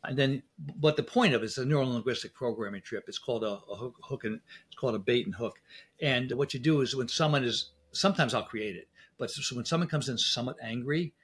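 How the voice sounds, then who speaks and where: A man's voice: mid-range voice, quick pace, fairly bright tone, slightly rough. A middle-aged man, a dental specialist, chatting as an interview guest and telling stories with acted-out exchanges. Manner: anecdotal, speaks in quoted exchanges. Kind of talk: casual interview talk.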